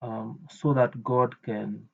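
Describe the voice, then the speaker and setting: Indignant male commentator, halting and filler-heavy, mid pitch, muffled lo-fi sound. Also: little pitch movement, vocal fry. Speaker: reaction commentator. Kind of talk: ranting reaction commentary. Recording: dull lo-fi recording.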